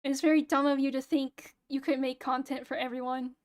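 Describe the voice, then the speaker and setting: A young woman streaming casually, talking in a flat, low-energy, near-monotone way, with a hoarse voice and a sound like she is close to crying. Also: brisk. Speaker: VTuber streamer. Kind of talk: casual late-night stream chat.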